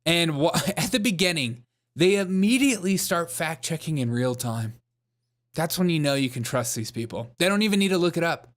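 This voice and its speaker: A man's voice: on the high side, lively intonation, normal speed. A man hosting a comedic political commentary show, mocking and joking as he laughs along. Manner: jokey, mocking, laughs often.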